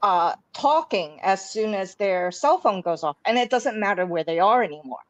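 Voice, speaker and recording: A woman in a casual chat, explaining her point deliberately with frequent restarts. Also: mid-range voice, lively intonation, no room sound, muffled recording.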